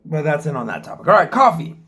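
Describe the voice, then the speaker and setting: This travel vlogger, a U.S. man in his forties, sounds a little high and a bit bright, very animated and fast. He's filming himself on the camera mic, rambling openly and swearing as he likes.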